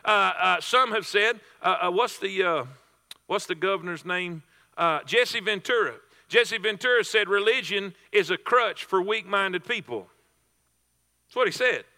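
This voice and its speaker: Man, pastor, high bright voice, emphatic sermon, long reverb. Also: a little slow. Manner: emphatic preaching with repeated phrases and restarts.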